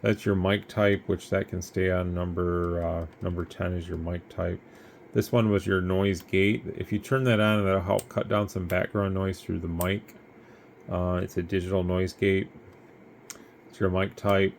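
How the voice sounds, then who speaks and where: A radio seller casually demonstrates a radio, rambling in an easygoing way, tired and yawning. His low voice is flat and creaky, and he speaks unhurriedly over slight background noise.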